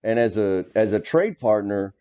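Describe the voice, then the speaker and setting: A man's voice: fairly low pitch, animated, moderate pace, mellow, dull audio. A middle-aged man, a former plumbing superintendent, telling stories from the trade in a casual, blunt way, with mild cursing. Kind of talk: casual conversation.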